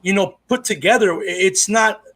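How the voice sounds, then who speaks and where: High-voiced male comedian giving advice. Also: moderate pace, fairly bright tone. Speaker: comedian, podcast co-host. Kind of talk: casual podcast chat.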